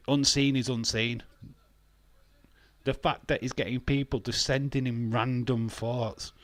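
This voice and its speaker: A man's voice: medium pitch, unhurried, no echo. A man hosting a wrestling watch-along stream, ranting bluntly in casual talk, swearing freely and laughing often.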